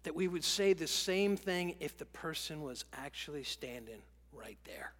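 A man preaching a sermon in an animated way, acting out quoted lines and dropping to a whisper for emphasis. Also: a little high, normal speed, long reverb tail. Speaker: pastor.

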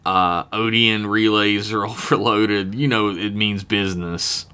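A man's voice: on the low side, steady tone, unhurried, sharp tone, clean tone. A young man co-hosting a podcast, chatting loosely and profanely as he recaps an episode. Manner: loose and profane, laughing often. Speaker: podcast co-host. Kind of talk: casual chat recapping a TV episode.

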